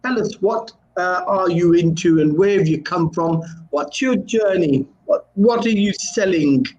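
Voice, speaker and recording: A man's voice: high voice, unhurried, darkish tone, lo-fi sound. A male host of a live online chat show who talks playfully and hesitantly, with many fillers.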